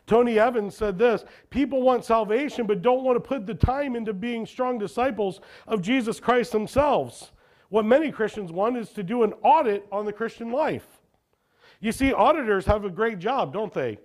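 A man's voice: sits high, animated, normal speed. A man preaching a sermon as a pastor, often asking the congregation questions and answering them himself.

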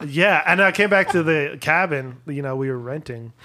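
Animated young man telling a story. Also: on the high side, normal speed. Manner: animated storytelling with playful voices for quotes. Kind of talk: casual podcast chat.

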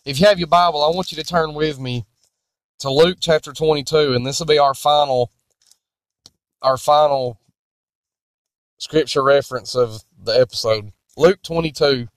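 A man preaching in a sermon-style Bible teaching, deliberate and emphatic. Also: on the high side, dry recording.

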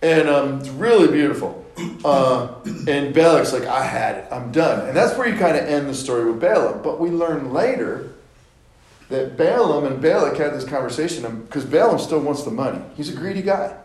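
A man's voice: a little high, expressive, normal speed, darkish tone, roomy sound, low-quality recording. A man teaching a Bible study, retelling scripture stories casually and acting out the characters with playful asides.

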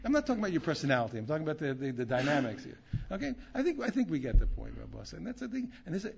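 A man, a rabbi, teaching a Torah class in an animated way, repeating phrases and restarting often. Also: on the high side, very fast, vocal fry, noisy background. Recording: dull lo-fi recording.

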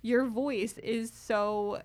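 A woman's voice: fairly high pitch, fairly even intonation, very slow, a little mellow. A woman co-hosting a podcast, chatting casually in a slangy way with many "like"s. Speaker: podcast co-host.

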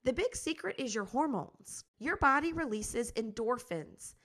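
A woman's voice: fairly high pitch, animated, unhurried, fairly bright tone. A woman hosting her own gardening podcast, talking in an upbeat, encouraging, conversational way. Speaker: podcast host and garden coach. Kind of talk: casual podcast talk.

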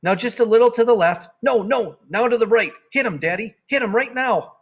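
A man voicing an anxious, dramatic little girl in a storybook reading, pleading and excitable. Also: sits high, moderate pace, pitched above the performer's own voice. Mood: excited.

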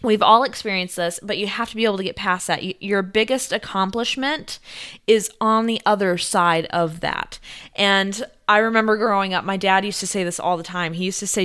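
A young woman vlogger telling a story to her viewers in a chatty, animated way, laughing often and saying "like" a lot. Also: medium pitch, normal speed, clear, resonant tone. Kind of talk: casual storytelling to camera.

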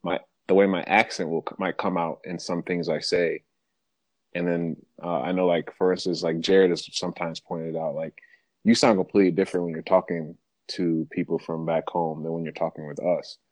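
A man from Africa speaking in a relaxed, reflective way during a casual group conversation. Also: low voice, normal speed, no room sound.

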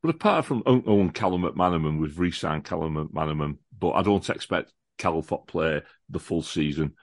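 A man with a deep, low voice talks casually about football as a podcast guest. He is enthusiastic and chatty, often restarting and repeating words. The sound is dry, with no room echo. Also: normal speed. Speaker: podcast guest, lifelong fan of the visiting football club. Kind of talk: casual chat, football preview.

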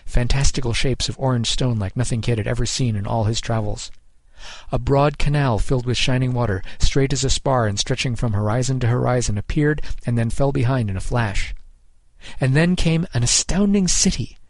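A man reading a science fiction story aloud in a measured, dramatic storytelling voice. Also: mid-range voice, no echo. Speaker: narrator. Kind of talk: scripted story narration.

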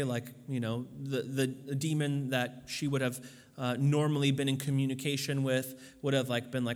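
A man's voice: mid-range voice, level tone, moderate pace, in a large hall. A man preaching a sermon as pastor, talking casually with lots of fillers and building to emphatic peaks.

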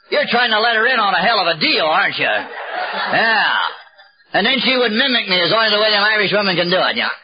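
Older guy spinning self-mocking stories at a meeting, voice sits high, dull old tape w/ faint hiss. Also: sing-song, fairly quick, long pauses. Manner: wry, self-mocking storyteller with comic timing. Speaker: recovery meeting speaker. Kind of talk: humorous personal storytelling talk. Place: live talk at a gathering.

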